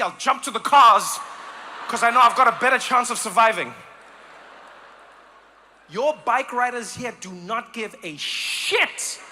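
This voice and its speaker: A man doing stand-up comedy, animated and acting out voices and sounds. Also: very high-pitched, slight background noise. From South Africa.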